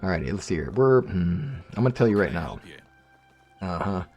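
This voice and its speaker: A man's voice: sits low, big pitch swings, normal speed, darkish tone, soft background music. A man casually commenting on his game, rambling and joking with viewers. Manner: rambling, jokey, talks to viewers. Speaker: let's play host.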